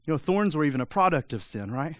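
A man delivering a sermon in a fairly high voice, pushing hard with question after question. His manner is direct and urgent, and the recording is dry and close, with no room sound. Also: very animated, fast talker, no room sound. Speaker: pastor.

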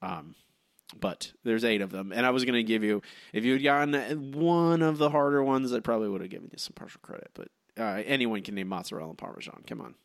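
A man co-hosting a casual podcast and running a trivia quiz, teasing his partner with quick asides. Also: medium pitch, animated, vocal fry, no room sound, studio quality. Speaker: podcast co-host and quiz master.

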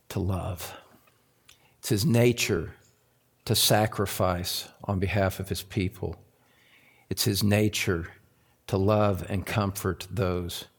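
A man preaching a sermon as pastor, earnest, with rhetorical questions and slow answers, sometimes rising to loud emphasis. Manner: rises to loud high emphasis.

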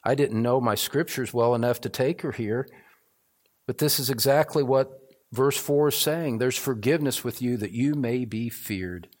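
A man's voice: medium pitch, moderate pace, darkish tone. A middle-aged man preaching a sermon as pastor, earnest and building to fervent, repetitive emphasis.

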